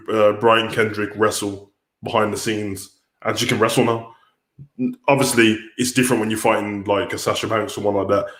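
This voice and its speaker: Ranting man, roomy echo. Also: on the low side. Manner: blunt, worked-up ranting with frequent restarts. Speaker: wrestling commentator and livestream host. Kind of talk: casual ranting livestream chat.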